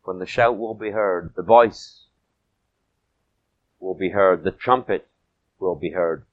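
A man preaching a sermon, swinging from loud emphatic peaks to soft low asides and stretching key phrases. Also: slow, dull audio.

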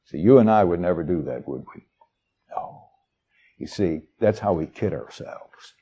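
A man preaching a sermon, reading Bible verses and explaining them in a homely, chatty way. His voice sits low and warm, and his pitch swings widely as he leans into the words. He often turns to the congregation with asides. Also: lively intonation, a little slow, slightly rough, lo-fi sound. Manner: folksy, conversational asides to the congregation; reads verses aloud with shifting dramatic emphasis.

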